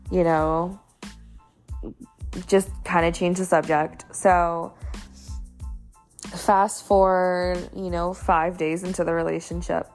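A young woman tells a personal story in loose, casual talk, leaning on "like" and "you know". Her voice sits low with a gravelly fry, and faint music plays underneath. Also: darkish tone. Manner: chatty, many fillers like "you know" and "like". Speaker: storyteller sharing a dating story.

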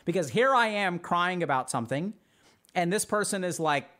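A man hosting a podcast as a psychiatrist, explaining in an animated, casual way with lots of "like" and acted-out examples. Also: high voice, normal speed. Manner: animated, heavy use of "like", acts out examples.

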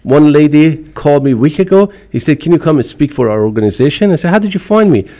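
A man's voice: on the high side, fast. Emphatic Iranian-accented man. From Iran. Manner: emphatic, animated, non-native phrasing. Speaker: podcast guest. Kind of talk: casual interview chat.

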